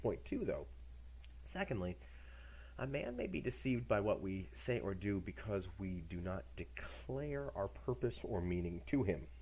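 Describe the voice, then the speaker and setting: A man's voice: lowish voice, very animated, measured pace, vocal fry, a little mellow, slight background noise. A middle-aged man giving a university lecture in a casual, jokey way, acting out examples as he goes.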